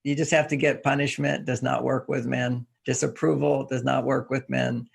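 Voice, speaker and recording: An older man, a relationship author, explaining ideas in an interview with relaxed anecdotes and repeated key phrases. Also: mid-range voice, normal speed, creaky, husky.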